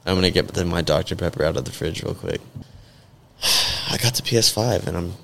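Low, gravelly-voiced man telling a story. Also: brisk, sharp tone. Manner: profane, rambling storytelling with many fillers. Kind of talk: casual podcast chat.

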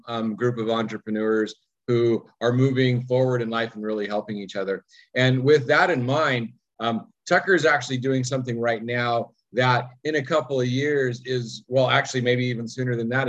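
A man's voice: medium pitch, lo-fi sound. Earnest man hosting a podcast. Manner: earnest, thinks aloud with many ums. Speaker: podcast host. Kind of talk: podcast introduction.

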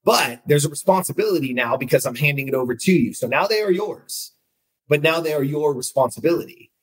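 A man's voice: a little high, lively intonation, fairly quick, husky, low-quality recording. A man hosting a casual conversation, reflective and recapping points with asides. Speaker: podcast host.

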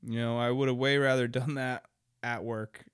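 Young male podcast host, solo, crude and rambling, clear voice, dry close sound. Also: medium pitch, level tone, normal speed, no room sound. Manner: rambling, crude, laughs often. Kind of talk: casual solo podcast chat.

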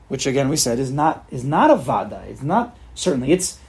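A man's voice: medium pitch, sing-song, a little fast, gravelly, a little mellow, husky. A man giving a casual spoken Torah class, asking rhetorical questions, often restarting phrases and mixing in Hebrew terms.

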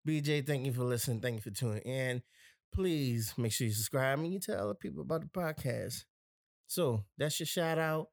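A man's voice: mid-range voice, normal speed, vocal fry, no room sound. A young man with a New Orleans accent hosting a podcast, easygoing and full of slang as he tells his stories. His voice sits in a mid range and comes through close and dry, with no room sound around it. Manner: laid-back, joking storyteller with slang. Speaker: podcast host. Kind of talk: casual podcast chat.

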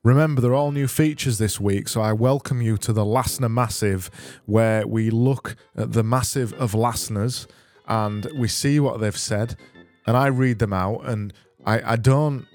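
A man's voice: lowish voice, darkish tone. A British man hosting a casual podcast and reading out listener messages in a dry, mock-serious way with self-mocking asides. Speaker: podcast host.

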